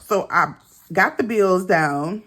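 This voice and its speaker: A middle-aged woman talks through her monthly budget in an unhurried, drawn-out way, calling out figures and chatting to her viewers as she goes. Her voice sits on the lower side, and typing on a keyboard can be heard behind her. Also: fairly bright tone. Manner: chatty, talks to viewers as girl and y'all while adding up figures. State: out of breath. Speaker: budgeting vlogger. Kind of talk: casual budget walkthrough.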